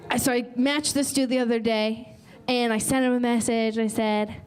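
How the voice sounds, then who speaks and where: A woman's voice: fairly high pitch, a little mellow. A woman from North Carolina hosting a stand-up comedy show, delivering brash, bawdy punchlines on a stage mic. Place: comedy stage with live audience.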